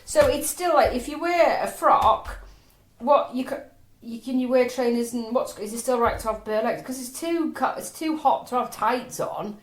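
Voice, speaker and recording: A woman's voice: fairly high pitch, normal speed. A middle-aged woman co-hosting a podcast, blunt and chatty, with a lot of laughter. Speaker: podcast co-host. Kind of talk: casual chat. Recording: roomy echo, faint background noise.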